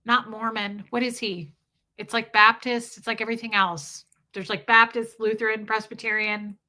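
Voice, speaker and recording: A woman's voice: fairly high pitch, flat delivery, normal speed, bright, forceful tone. A middle-aged woman hosting a casual livestream, chatting bluntly, swearing freely and reading viewer comments aloud. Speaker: livestream host.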